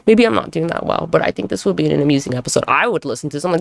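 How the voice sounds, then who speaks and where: A woman talks through a casual solo podcast episode with a rough, gravelly edge to her voice. Her pitch leaps and dips constantly as she rambles. She swears freely and mocks herself, and the sound is close and dry. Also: expressive, rapid-fire, no room sound. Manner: rambling, profane, self-mocking. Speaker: podcast host.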